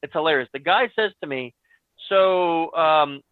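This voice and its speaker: A man with a high, bright voice recounts a story with excited energy and acts out each bit of dialogue. The audio is dry and tinny, like a phone line on a video call. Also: a little slow, smooth, no echo. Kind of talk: animated storytelling.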